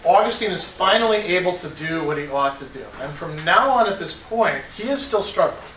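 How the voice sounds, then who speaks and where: A man's voice: sits high, expressive, a little fast, a bit bright. Man lecturing in an echoey classroom. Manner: conversational, self-deprecating, lots of "you know". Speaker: philosophy professor. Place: college classroom. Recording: echoey room, mic far off, faint ambience.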